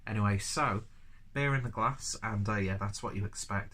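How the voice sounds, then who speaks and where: A man's voice: medium pitch, moderate pace, bright, forceful tone. Stuffy-nosed man rambling through a review. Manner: rambling, chatty, self-deprecating. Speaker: beer reviewer. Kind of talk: casual review vlog.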